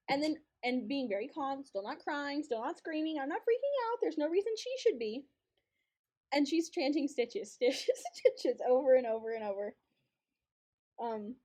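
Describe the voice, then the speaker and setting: High-voiced with a darkish tone, a young woman co-hosts a game stream and tells a casual story. She laughs often and repeats herself a lot as she plays.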